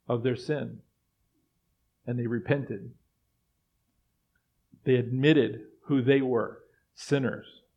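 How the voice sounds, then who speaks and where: A man preaching a sermon as pastor, moving between quiet reflective passages and loud acted-out voices of doubters. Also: mid-range voice, highs cut off.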